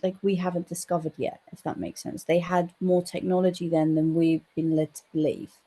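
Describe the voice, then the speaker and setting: A woman, a psychic medium guest in an interview, telling a story in a chatty, animated way and swearing now and then. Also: on the low side, fairly quick, husky.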